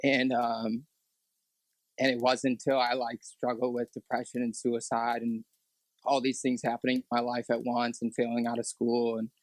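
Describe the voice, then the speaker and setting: A young man sharing a personal testimony on a podcast, halting and full of fillers and restarts. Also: medium pitch, monotone, no room sound, rough recording. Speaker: podcast guest. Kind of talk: personal testimony in casual talk.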